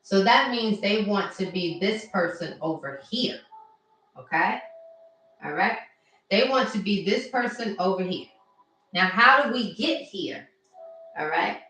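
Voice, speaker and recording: A woman mindset coach on a phone livestream, talking casually and warmly to viewers and reading their comments aloud. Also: mid-range voice, animated, a little slow, pauses often. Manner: warm, chatty, addresses viewers directly and reads their comments aloud. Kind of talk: casual motivational livestream talk. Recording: very echoey room with faint music.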